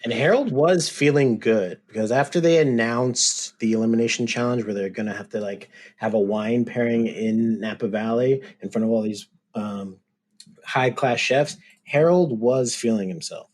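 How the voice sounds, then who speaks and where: A man's voice: mid-range voice, normal speed, darkish tone. A man co-hosting a podcast, chatting casually with friends in a playful, teasing way. His voice sits in an everyday middle register. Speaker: podcast co-host. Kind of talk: casual comedic chat.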